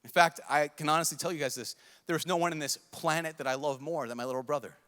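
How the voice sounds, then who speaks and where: A man's voice: a little high, fairly even intonation, quick pace, sharp tone. A young man, a priest, giving an earnest, pleading sermon at a youth conference, repeating himself as he talks. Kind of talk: emotional sermon to a large crowd. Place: large conference hall. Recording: long hall reverb.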